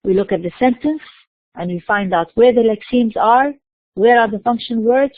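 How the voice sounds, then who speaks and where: A woman giving a recorded university lecture, explaining slowly and mixing in terms. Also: a little high, no room sound. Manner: explains slowly, spelling out letters, slipping into Arabic terms. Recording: dry tinny phone-like recording.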